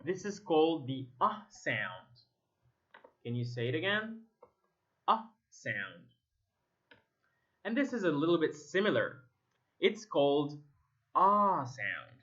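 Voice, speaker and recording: A man from Egypt, a native Arabic speaker, teaching English pronunciation. He repeats single words slowly to contrast vowel sounds. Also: a little high, very animated. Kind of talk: slow drilling of vowel sounds, repeat-after-me. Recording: slightly dull lo-fi sound.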